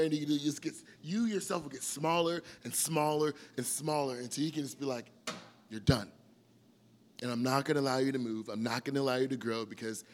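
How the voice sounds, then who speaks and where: A young man preaching a casual sermon as youth pastor, acting out little scenes with funny voices. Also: fairly high pitch.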